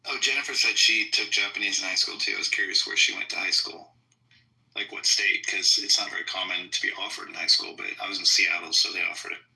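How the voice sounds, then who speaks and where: A man with a low, gravelly, bright voice that moves a lot in pitch, chatting in a relaxed, curious way. He sounds distant from the mic. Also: fast. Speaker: participant in an online audio chat room. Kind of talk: casual chat.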